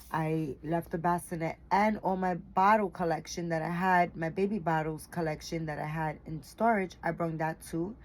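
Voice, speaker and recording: A woman talks straight to her audience in a loose, rambling way, full of fillers and casual swearing. She sounds worn out and a little sleepy. Her voice sits fairly low, with a faint hum of room ambience behind her. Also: a little mellow, poor audio. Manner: rambling, chatty, tired, with frequent fillers and swearing. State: tired and yawning. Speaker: doll collector vlogger. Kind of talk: casual chat to camera.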